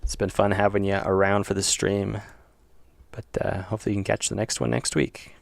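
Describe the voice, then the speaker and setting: A man with a low, gravelly voice chats casually while streaming his game development. He thinks aloud, cracks jokes and keeps correcting himself. The sound is dry and close. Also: flat delivery, fairly quick, dry recording. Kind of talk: casual livestream chat while working.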